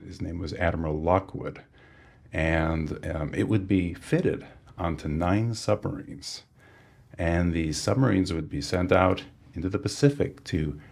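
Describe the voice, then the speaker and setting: A sonar engineer appears as a guest on a relaxed podcast, walking through technical history in a very deep, gravelly voice. His tone is husky and slightly rough, and he often pauses with fillers and restarts sentences while explaining.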